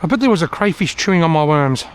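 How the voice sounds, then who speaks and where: A middle-aged Australian man talks casually to his camera as he fishes, chatting with himself and cracking dry jokes. His voice sits fairly high for a man. He is recorded outdoors by a river, with faint noise in the background. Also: lively intonation, quick pace. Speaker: fishing vlogger. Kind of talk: casual vlog commentary.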